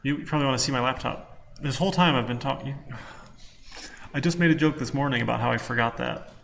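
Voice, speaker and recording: A male college instructor talks through a class in a loose, rambling way, full of ums while he works at his laptop. His voice has a gravelly edge, and faint room noise hums under the lecture recording. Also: mid-range voice, quick pace, a bit bright.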